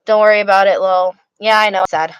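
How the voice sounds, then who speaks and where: A woman's voice: mid-range voice, fairly even intonation, fast, smooth, dry recording, dull audio. Young woman, livestream host, tired, rambling, lots of restarts, dry close sound. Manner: rambling, many restarts and fillers. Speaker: livestream host reading chat. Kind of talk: casual livestream chat.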